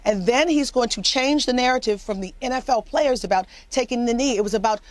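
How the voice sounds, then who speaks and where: A fairly high-voiced woman commentator, speaking with emphatic passion as she argues a point on a news panel. She often repeats words to drive home what she says. Her voice sounds dry and close. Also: fairly quick, dry recording. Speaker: political commentator. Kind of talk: impassioned panel discussion.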